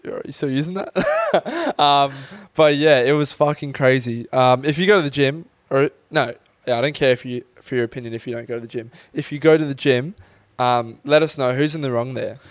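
A young man co-hosts a casual podcast, speaking fairly quickly at a medium pitch with no room sound. He tells an animated story, swearing freely and acting out quotes.

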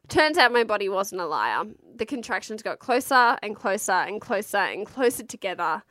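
A woman in her thirties tells a personal story in a relaxed, candid way, with plenty of fillers and casual swearing. Her voice sits at a middle pitch. The sound is close and dry. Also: moderate pace, few pauses, no room sound. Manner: frank, chatty, swears freely, lots of fillers. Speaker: mother telling her birth story.

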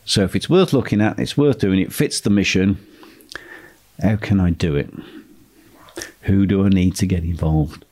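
This male property investment tutor has a deep voice, talks at a normal speed, and pauses often. His teaching takes the form of a steady instructional monologue in which key phrases are repeated for emphasis.

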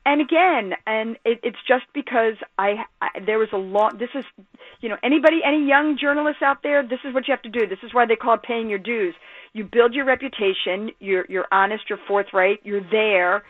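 Animated woman on a tinny phone line. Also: on the high side, fairly quick. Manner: animated storyteller, lively and emphatic. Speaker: sports journalist guest. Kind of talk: phone-in radio interview.

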